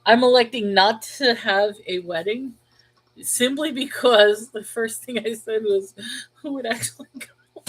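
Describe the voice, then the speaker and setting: A middle-aged woman hosting a casual livestream, chatting with viewers, laughing often, and slowing down to give earnest spiritual advice. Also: a little high, poor audio. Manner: earnest and slow when giving spiritual advice. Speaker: host of a Bible livestream.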